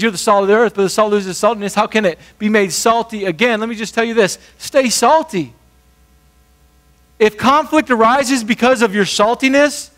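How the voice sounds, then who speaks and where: A man preaching a sermon as pastor, talking conversationally and briefly acting out the people in the story. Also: high-pitched. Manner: conversational, animated, acts out quick voices.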